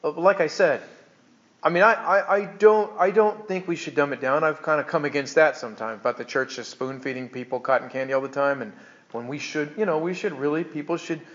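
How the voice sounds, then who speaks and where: A man's voice: fairly high pitch, brisk, a bit bright, dull audio. A man preaching a conversational sermon to his church, joking and restarting his sentences as he goes. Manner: chatty, joking, stumbling restarts. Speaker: pastor.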